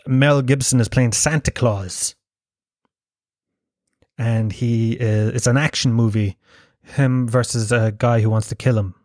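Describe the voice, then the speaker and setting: A man's voice: medium pitch, a little mellow, dry recording, clean studio sound. Sweary Irish man ranting on a podcast. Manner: sweary, mocking, laughs often. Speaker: podcast host. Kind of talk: solo comedic podcast rant.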